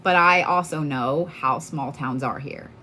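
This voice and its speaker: A woman's voice: sits low, a little slow, sharp tone, slight background noise. A woman from Oklahoma, a tarot card reader chatting casually on a livestream, telling stories in a candid, profane way with lots of fillers.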